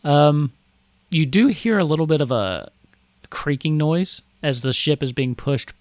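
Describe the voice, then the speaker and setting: A man's voice: on the high side, lively intonation, measured pace, darkish tone, no echo. A man narrating as game master of a tabletop game, loose and full of fillers.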